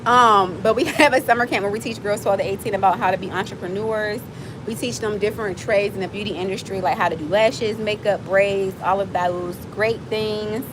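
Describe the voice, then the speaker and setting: A woman of forty from Miami, chatting fast and playfully with viewers as host of her own livestream. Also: medium pitch, fairly even intonation, noisy background. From Miami, USA. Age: 40s. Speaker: livestream host, nonprofit founder. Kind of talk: casual livestream chat with viewers.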